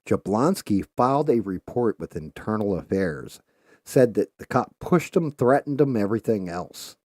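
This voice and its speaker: A man with a low voice and a mellow, dark tone tells an anecdote in a relaxed, profane way. He talks loosely with plenty of filler words and gets animated whenever he quotes someone. The sound is dry and close. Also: moderate pace, dry recording. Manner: animated when quoting others. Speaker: live stream host. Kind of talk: casual storytelling while painting.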